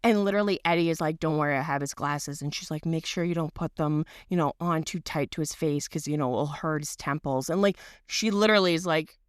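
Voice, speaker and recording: A woman in her thirties co-hosting a podcast, telling a story in a loose, rambling way with lots of fillers and the odd swear word. Her voice sits on the low side and is smooth and clear. The sound is dry and close, with no room echo. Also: brisk, hardly any pauses. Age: 30s. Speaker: podcast co-host. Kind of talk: casual chat.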